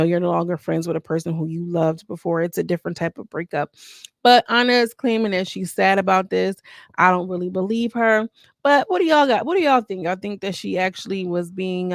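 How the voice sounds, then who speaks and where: A woman's voice: fairly low pitch, gravelly, no echo, studio quality. A woman hosting a reality TV review channel, chatting casually with lots of slang and sassy asides. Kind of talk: casual commentary.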